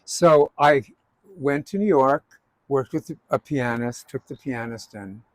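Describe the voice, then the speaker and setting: A man's voice: medium pitch, a little slow, no echo, poor audio. A man hosting a casual chat, telling stories from his stage career. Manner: anecdotal storyteller. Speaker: host.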